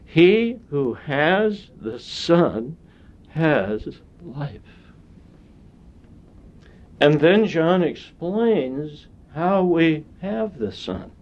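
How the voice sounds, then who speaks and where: A man preaching a sermon in a slow, deliberate way, with long pauses between phrases. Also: fairly high pitch, very animated, darkish tone. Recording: dull lo-fi sound.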